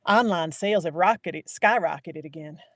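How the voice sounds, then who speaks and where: A woman doing a gentle florist man. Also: fairly low pitch, moderate pace, no echo, studio quality. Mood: eager. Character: gentle man who runs a flower shop.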